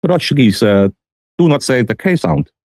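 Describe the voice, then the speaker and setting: A man's voice: medium pitch, expressive, a little slow, a little mellow, no room sound. A man hosting a live stream, chatting casually and rambling with frequent self-corrections.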